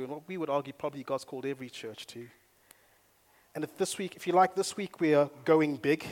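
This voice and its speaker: Energetic preaching man, rather high voice. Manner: energetic, storytelling, rising to loud emphasis. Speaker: pastor. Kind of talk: sermon. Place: church in Nairobi.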